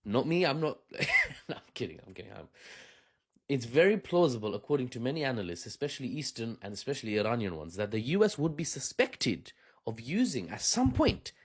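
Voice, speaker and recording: Male vlog host, casual chatty commentary, lively swooping intonation, jokey and self-mocking. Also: medium pitch, a little fast, breathy edge. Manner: joking, chatty, laughs often, self-deprecating asides. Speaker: video host.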